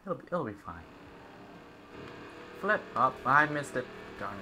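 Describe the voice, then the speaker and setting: A man's voice: medium pitch, sing-song, measured pace, long pauses, background noise. A young man giving casual, jokey gameplay commentary and chatting at the game characters. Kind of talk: casual let's-play commentary.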